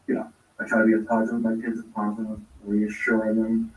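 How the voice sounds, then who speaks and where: A man's voice: on the low side, monotone, fast, a little mellow, a little hiss or hum. A man telling a long personal story in casual talk, rambling and acting out the lines he quotes. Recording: roomy echo, distant from mic.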